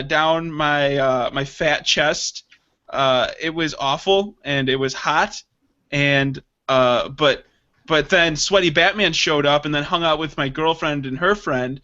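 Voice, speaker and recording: A man's voice: on the high side, slow pace. A man co-hosting a podcast, casual banter full of laughter and swearing. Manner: loud, laughing, swearing, joking. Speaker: podcast co-host. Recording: dull lo-fi podcast audio.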